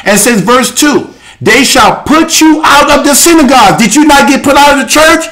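A man hosting a live show, preaching and reading scripture with fervor, often breaking into shouts. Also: very high voice, lively intonation. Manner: fervent, often shouting, rapid swings into loud exclamations. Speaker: host and preacher.

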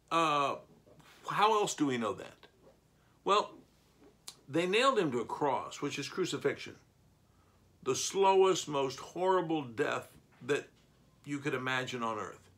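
A man teaching a Bible lesson, reading verses and explaining them, rising to loud bursts for emphasis. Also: fairly high pitch.

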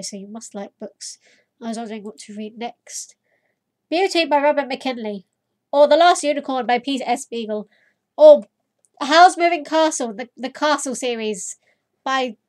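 A woman hosting a casual let's play, reacting with loud, giddy outbursts and sarcastic asides as she plays a dating game. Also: sits high. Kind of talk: casual gameplay commentary. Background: faint game music.

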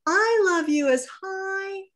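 A small young hare from a bedtime storybook, voiced by a woman reading aloud. He speaks high and excited, proud of every declaration. The telling stays unhurried. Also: full character voice. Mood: eager. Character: small young male hare, eager and loving.

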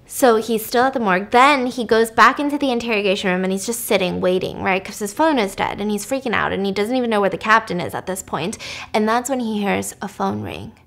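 A woman hosting a podcast, casually retelling a thriller plot with animated delivery that sometimes drops to a whisper for suspense. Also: medium pitch, a little fast, vocal fry. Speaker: podcast host. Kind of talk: casual story recap.

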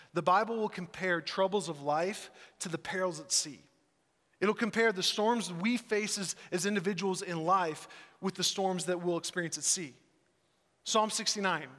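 Pastor, male, bright and high-voiced, casual animated sermon delivery, recorded in a reverberant sanctuary. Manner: conversational and animated, acts out voices in quotes. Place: church sanctuary. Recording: church sanctuary with long reverb.

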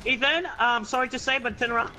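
A man playing a video game with friends, loud, excitable and swearing often. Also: very high voice, fast, slight background noise, low-quality recording. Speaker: gamer. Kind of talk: casual game chat.

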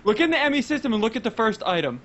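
A man hosting a video game let's play, excitable and stammering as he talks. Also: extremely high pitch, racing. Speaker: host of a modded game series. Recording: slightly dull lo-fi mic.

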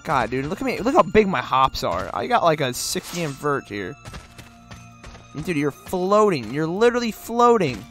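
A young man casually commenting on a horror game he plays, loud, excitable, laughing and swearing. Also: a little high, moderate pace, soft background music. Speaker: gaming host. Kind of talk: let's play commentary.

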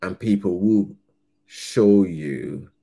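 A male reaction host with a very low voice, speaking slowly and thoughtfully. He muses earnestly and often restarts his sentences. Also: creaky, mellow. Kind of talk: reflective reaction commentary.

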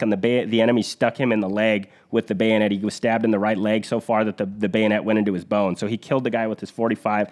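Host type, male, lowish voice, earnest storyteller, retells combat events vividly, talks it through with restarts. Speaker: podcast host. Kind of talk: conversational war storytelling.

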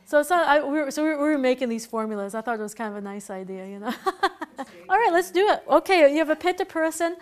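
Lively, laughing woman teaching a class. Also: sits high, quick pace, hardly any pauses. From Boston, USA. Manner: chatty, laughs often, acts out voices. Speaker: herbalism teacher. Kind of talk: casual classroom lecture.

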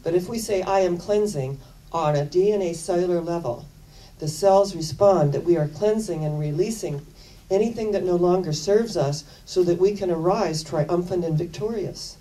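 Woman minister, low, very mellow voice, chatty storytelling sermon, a little off-mic. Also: normal speed, recorded from a distance, rough recording. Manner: chatty, animated retelling with quoted dialogue.

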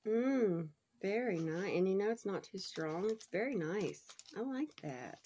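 A woman, chatting casually and gushing excitedly as she unboxes a gift, laughing often. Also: medium pitch, unhurried, husky. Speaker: unboxing vlogger.

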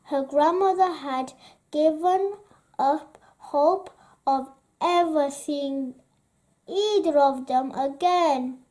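A woman reading a children's story aloud in a gentle, expressive way. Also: high-pitched, slow. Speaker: storybook reader.

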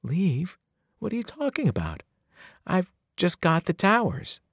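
A man voicing a distracted, sharp-tongued teenage girl who answers impatiently. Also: high voice, wildly swooping pitch, measured pace, husky, no echo, studio quality, voice pushed up, full character voice. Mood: dismissive. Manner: impatient and dismissive.

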